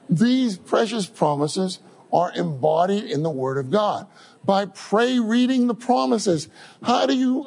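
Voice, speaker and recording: Male preacher, informal sermon, husky tone, slightly high, very animated pitch. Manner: animated, repeats words and calls out prayers.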